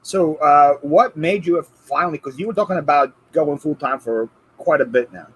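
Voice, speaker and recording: A man's voice: fairly high pitch, normal speed, husky, rough recording. A man hosting a casual live stream, easygoing, greeting viewers in the chat and chuckling often. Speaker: host.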